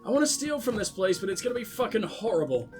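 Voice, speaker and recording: Young male gamer, high-pitched, sardonic and profane, casual playthrough commentary over light game music. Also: very animated, quick pace. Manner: sarcastic, swears often. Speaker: let's play gamer.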